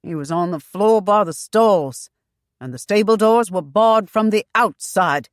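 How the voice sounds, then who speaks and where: A woman's voice: lowish voice, animated, unhurried, dry recording, studio quality. A woman voicing a grown man who pants out his words with urgency. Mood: urgent. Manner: panting.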